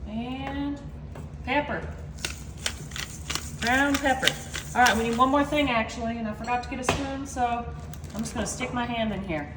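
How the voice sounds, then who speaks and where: A woman hosts a home cooking video. She chats in a folksy, friendly way straight to her viewers, and her voice sits high. Her kitchen sounds echoey, with faint room noise behind her. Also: normal speed, pauses often. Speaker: home cooking channel host. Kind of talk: casual cooking demo chat.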